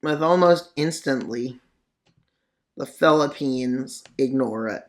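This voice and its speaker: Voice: medium pitch, slow. A mapping video narrator giving casual commentary on a war scenario, full of sarcastic, rambling asides.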